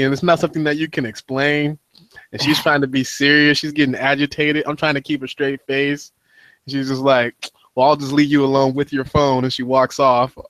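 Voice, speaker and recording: A man's voice: on the high side, fairly bright tone, no room sound. Laid-back man on a dry mic. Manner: laid-back, laughing, profane storytelling. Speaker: podcast host. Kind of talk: casual comedic chat.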